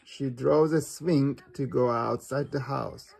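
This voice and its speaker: A reader narrating a children's picture book aloud in a slow, even way. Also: medium pitch, gravelly. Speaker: storybook reader. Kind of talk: storybook read-aloud.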